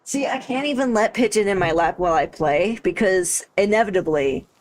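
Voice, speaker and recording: A woman's voice: mid-range voice, lively intonation, normal speed, slight background noise, low-quality recording. A woman livestreaming a game, chatting casually, thinking aloud and laughing easily into a desk microphone. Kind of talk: casual gaming commentary.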